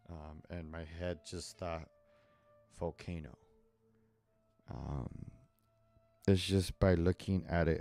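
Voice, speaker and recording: A man's voice: low voice, a little mellow, dry recording. A man live-streaming as he draws, chatting casually in a rambling, digressive way and laughing often. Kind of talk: casual chat while drawing.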